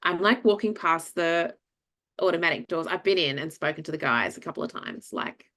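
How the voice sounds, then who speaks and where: Australian woman, podcast co-host, animated anecdote teller, slightly low voice. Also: moderate pace. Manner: animated storyteller, acts out quoted voices, many fillers. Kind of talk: casual storytelling chat.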